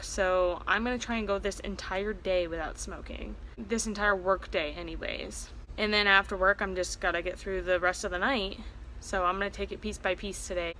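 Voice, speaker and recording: A young woman speaks straight to her camera in a confessional vlog and thinks aloud as she goes. Her voice sits in a middle pitch. A faint hiss runs under the recording. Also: pushed and bright, low-quality recording. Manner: candid, rambling confessional talk. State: near tears, anxious. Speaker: vlogger. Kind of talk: personal vlog diary.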